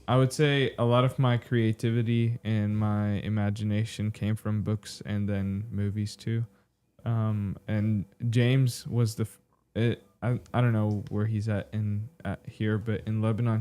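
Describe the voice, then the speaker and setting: A young man answering questions as a talk show guest, hesitant and full of pauses and fillers. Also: lowish voice, warm tone, clear, resonant tone. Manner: hesitant, many ums and likes.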